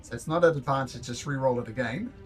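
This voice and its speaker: Halting male game master. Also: medium pitch, over music. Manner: halting, many fillers and repeated words. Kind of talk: narrating a tabletop game.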